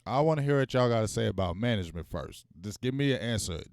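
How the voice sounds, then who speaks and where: A man's voice: on the low side, fast talker, dry recording, studio quality. A man hosting a live-streamed sports talk show, speaking in casual slang and calling out to his viewers. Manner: animated, talks straight to viewers, casual slang.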